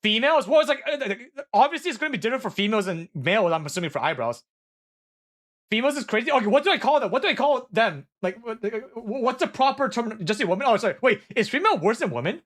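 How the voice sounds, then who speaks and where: A young streamer with a very high-pitched voice and quick pace chats casually with his live-stream viewers, reacting to their messages. His first language is Korean; he's excitable, keeps apologizing and swearing, and frequently laughs and restarts.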